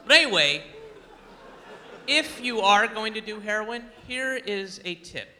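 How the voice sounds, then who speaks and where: A man's voice: high voice, unhurried, slight background noise. A man doing a stand-up comedy routine, rambling and interrupting himself. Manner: rambling, self-interrupting, animated.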